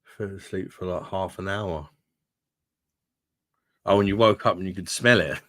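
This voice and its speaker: Very deep-voiced bloke chatting. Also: male voice, measured pace, a bit bright, no room sound, clean studio sound. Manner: chatty, swears freely, calls viewers mate. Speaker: livestream host reading chat. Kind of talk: casual live chat.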